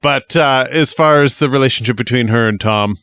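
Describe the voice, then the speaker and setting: Male podcast voice, smooth and resonant, dry sound; easygoing, offhand review chat. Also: mid-range voice, fairly quick, a bit bright, no room sound. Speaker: podcast co-host or guest. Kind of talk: casual film review chat.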